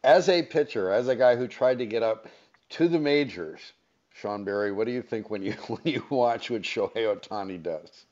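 A man's voice: on the low side, expressive, normal speed, darkish tone, muffled recording. A man from the San Fernando Valley hosting a sports radio interview, asking long, chatty questions. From San Fernando Valley, California. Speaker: radio show host.

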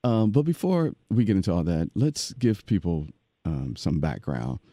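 A man hosting a podcast, talking in an animated, preachy way and often repeating himself. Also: low voice, normal speed, no room sound. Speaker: podcast host. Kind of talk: casual podcast interview.

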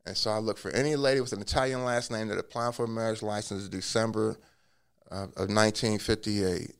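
A man telling his life story in a relaxed interview, acting out what people said to him. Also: lowish voice, a little fast, smooth. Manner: acts out quoted dialogue in a lively way; casual, drops curse words. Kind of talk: conversational storytelling.

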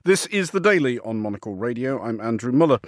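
Measured male radio presenter, dry studio. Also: mid-range voice, sing-song, no echo. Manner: measured, articulate, wry.

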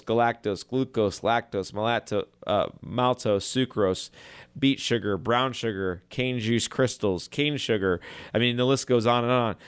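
A man speaking as a chiropractor, his voice smooth and clear at an ordinary middle pitch. He talks in an earnest, conversational way, with many restarts and stories. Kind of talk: casual talk to camera.

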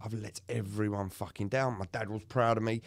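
A man's voice: fairly low pitch, a little fast. A man co-hosting a casual podcast, recounting his own experience candidly and swearing freely as he tells it. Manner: candid, swearing, animated storytelling. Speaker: podcast co-host.

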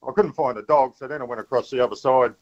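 A man calls in to a radio show and tells his story in a halting, laconic way. His voice sits at an ordinary pitch. The phone line sounds dull. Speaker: radio caller.

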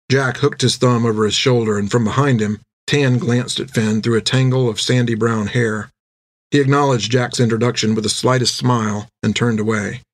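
A man's voice: mid-range voice, fairly even intonation, moderate pace, no echo, studio quality. Man narrating an audiobook.

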